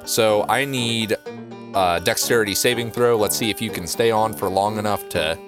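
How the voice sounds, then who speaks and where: A man narrating as game master of a tabletop game, in relaxed, playful storytelling. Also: lowish voice, normal speed, music in the background.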